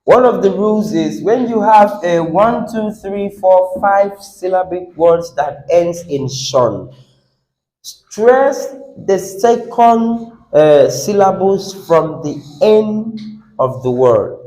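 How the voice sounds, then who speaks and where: A man with a Nigerian English accent leads a classroom lesson on word stress. His fairly high voice swings widely in pitch, and he speaks slowly. He repeats words and keeps asking the class questions. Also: lively intonation, mellow, rough recording. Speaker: English teacher.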